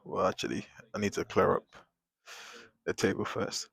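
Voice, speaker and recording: A man chatting casually on a live drawing stream, rambling and venting in animated bursts at a desk microphone at home. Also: lowish voice, moderate pace, gravelly, husky, no room sound. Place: home, at a table.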